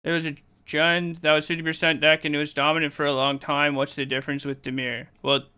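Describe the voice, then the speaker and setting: A male streamer answering his chat while playing a card game, quick and argumentative. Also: fairly high pitch, completely flat delivery, sharp tone, clean tone.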